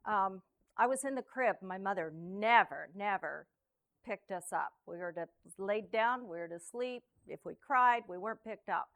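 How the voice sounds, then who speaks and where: A woman preaching a sermon, reading scripture verse by verse and then telling a personal story, swinging between loud proclamation and hushed near-whispers. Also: medium pitch. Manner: slow, deliberate reading of verse. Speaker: lay preacher.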